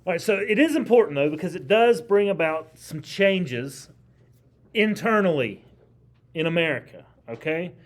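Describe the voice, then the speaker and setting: A man's voice: a little high, animated, normal speed. A man teaching a history class in a classroom. He lectures in a conversational, emphatic way and keeps putting questions to his students.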